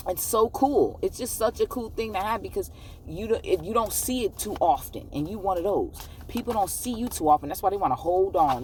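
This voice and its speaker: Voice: mid-range voice, lively intonation, brisk, recorded from a distance, a little hiss or hum. A tarot card reader giving a casual, encouraging pick-a-card reading to viewers, often checking in with "okay?".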